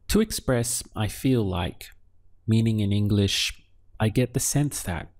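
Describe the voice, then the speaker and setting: A man with a fairly low voice leads a calm, unhurried lesson. He talks very slowly and breaks words into syllables. Each question is followed by a pause. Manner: patient, asks questions then pauses for answers. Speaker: Spanish teacher. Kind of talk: slow step-by-step language lesson.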